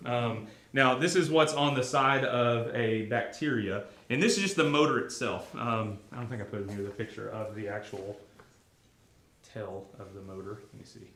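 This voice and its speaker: A man's voice: mid-range voice, fairly bright tone. Man teaching a class in an echoey room. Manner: conversational, asks the class questions, many fillers. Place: classroom or church hall.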